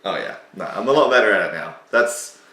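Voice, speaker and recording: A man's voice: sits low, animated, fairly quick, sharp tone, echoey room, far from the mic, slight background noise. A man hosting a casual, self-mocking commentary on his own old video, sarcastic and swearing freely.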